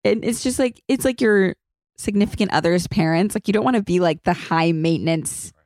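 A woman hosting a podcast in casual chat, talking fast in loose bursts full of "like" and acting out quotes. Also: fairly low pitch, darkish tone, no room sound, studio quality. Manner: chatty, many likes and restarts, acts out quotes. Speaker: podcast host.

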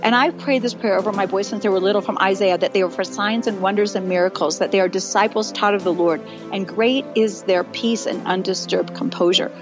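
A woman guest author speaking in an earnest, animated way as she shares her experience. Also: medium pitch, fairly quick, hardly any pauses, highs cut off, music in the background. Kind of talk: interview, testimony.

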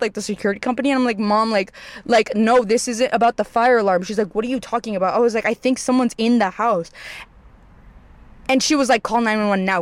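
Young adult storyteller for a casual vlog: smooth voice, rambling and cursing, dry close sound. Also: mid-range voice, no echo. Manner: rambling, heavy filler words and swearing, animated retelling.

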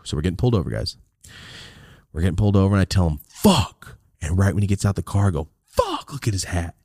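A man's voice: low-pitched, racing, warm tone, dry recording, clean studio sound. A man casually telling a rambling, profane road-trip story as a podcast host.

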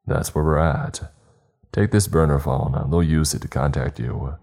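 A man voicing a male criminal who speaks quietly and smugly as he makes his threats. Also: a bass voice, unhurried. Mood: threatening. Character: male criminal blackmailing the narrator in a bar.

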